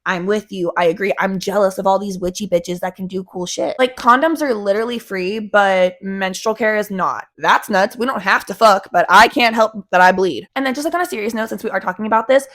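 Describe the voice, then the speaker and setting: A woman in her twenties ranting in a casual vlog, profane, blunt and animated. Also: medium pitch, brisk, hardly any pauses. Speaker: vlogger.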